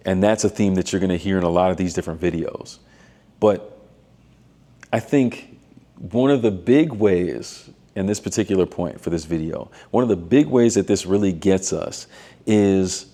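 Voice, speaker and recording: Low mellow-voiced man musing on faith. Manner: thoughtful, measured, with frequent fillers and restarts. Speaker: doctoral student and missionary vlogger. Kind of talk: reflective faith talk.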